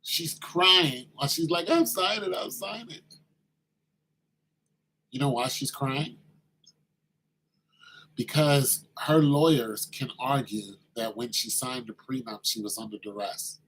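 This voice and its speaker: A man telling a story in a casual monologue, animated and slangy, acting out the quoted voices. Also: mid-range voice, unhurried, slight background noise, rough recording.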